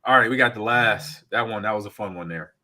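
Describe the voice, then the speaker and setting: A man hosting a casual gaming podcast, reading out chat comments and telling lively stories. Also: fairly low pitch, a little fast. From United States. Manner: animated storyteller, reads chat comments aloud. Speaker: podcast host.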